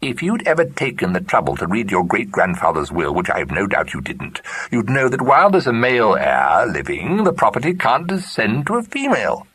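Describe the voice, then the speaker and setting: A man's voice: fairly low pitch, huge pitch swings, fairly quick, hardly any pauses, slightly rough, pitched above the performer's own voice, heavily acted. A man voicing a cantankerous, very old great-aunt who speaks sharply and scornfully. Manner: sharp, scornful, easily offended.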